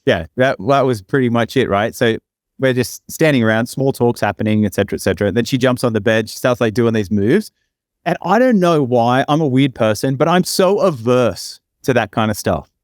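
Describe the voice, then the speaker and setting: A man's voice: animated, brisk, no room sound. A young man rambles through a long personal story, full of fillers and restarts. His voice sits in a middling range and jumps up sharply when he acts out what others said. The sound is close and dry, with no room around it. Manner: rambling, acts out quoted lines with big pitch jumps. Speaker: podcast co-host. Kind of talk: casual storytelling.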